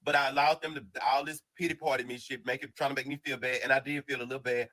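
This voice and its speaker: A man telling a casual storytime monologue in an animated, slang-heavy, rambling way full of restarts. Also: mid-range voice, fast, low-quality recording.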